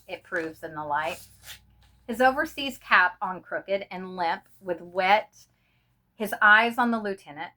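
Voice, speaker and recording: A woman reading a short story aloud in an expressive, dramatic way. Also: medium pitch. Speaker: reader.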